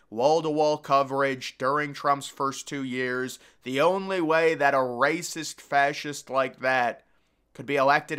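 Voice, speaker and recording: A man's voice: mid-range voice, pushed and bright, smooth. A man giving opinionated, sarcastic political commentary in a casual way. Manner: opinionated, sarcastic, mocking impressions.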